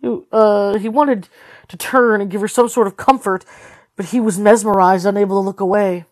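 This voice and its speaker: A woman reading a novel aloud as a tired read-along host, steady with occasional slips and corrections. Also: medium pitch, moderate pace, dry recording. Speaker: storybook reader.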